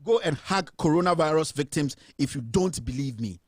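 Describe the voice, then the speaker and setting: A man's voice: a little high, animated, moderate pace, breathy edge, no echo, studio quality. A man with a Ghanaian accent ranting in impassioned, indignant political commentary as a host.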